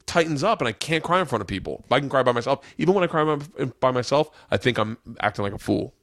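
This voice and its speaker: A man in his forties hosting a podcast, telling rambling stories in casual chat, loud and quick to laugh. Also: medium pitch, animated, vocal fry. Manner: loud, rambling storyteller who breaks into squealing laughs. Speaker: podcast host. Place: home studio.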